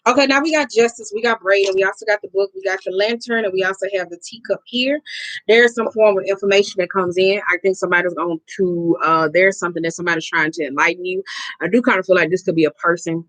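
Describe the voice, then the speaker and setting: A woman giving a casual card reading to her viewers, blunt and profane, with emphatic, drawn-out repetitions. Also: medium pitch, no echo, rough recording. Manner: blunt, profane and expressive, talking straight to viewers. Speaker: oracle card reader.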